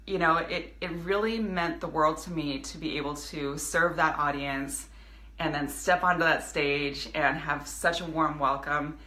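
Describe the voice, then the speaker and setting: A woman's voice: low-pitched, fairly even intonation, a little slow, bright, forceful tone, reverberant. A woman in her thirties, a business coach speaking earnestly to her viewers in a live video, with many restarts. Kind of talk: casual motivational live video.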